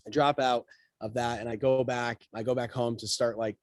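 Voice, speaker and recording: A man's voice: medium pitch, flat delivery, moderate pace, dry recording. A man being interviewed as a guest, telling his story casually and acting out the quotes of people in it. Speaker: guest, real estate broker.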